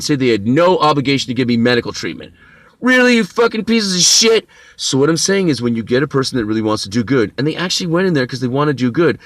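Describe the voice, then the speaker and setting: A man's voice: mid-range voice, a bit bright, dry recording. A middle-aged man telling a personal story as a bitter, intense monologue, swearing often and stumbling over restarts. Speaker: vlogger.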